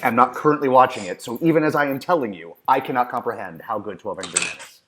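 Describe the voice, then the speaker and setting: A man's voice: medium pitch, fast, background noise. A man co-hosting a movie podcast in casual chat, enthusiastic and emphatic with a joking streak. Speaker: podcast co-host.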